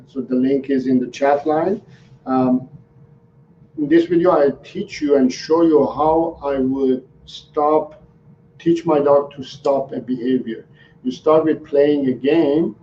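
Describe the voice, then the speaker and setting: A man, a dog trainer, answering viewers' questions on a live stream in an unhurried, halting way with many ums and restarts. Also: mid-range voice. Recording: roomy, distant, dull sound with faint noise.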